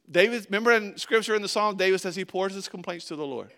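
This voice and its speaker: A man preaching a sermon as a pastor, in a conversational, animated way with frequent restarts. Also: high voice, quick pace, vocal fry.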